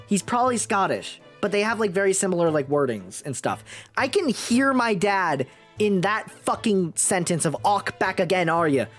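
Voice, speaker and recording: Excitable, profane young man streamer. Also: sits high, moderate pace, faint music behind. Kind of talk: casual game commentary.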